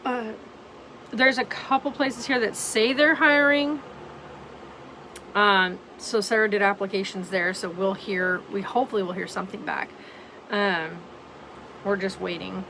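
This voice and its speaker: A woman's voice: medium pitch, steady tone, normal speed, sharp tone, slight background noise, low-quality recording. A tired, yawning woman vlogging casually from home, rambling with lots of ums. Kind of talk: casual vlog chat.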